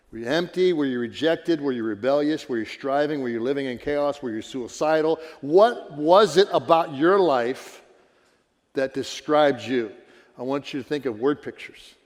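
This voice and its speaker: Pastor guy preaching in a church, kinda high voice, big echoey hall, earnest and chatty. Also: normal speed. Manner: earnest, conversational preaching with rhetorical questions. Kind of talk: sermon. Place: church sanctuary.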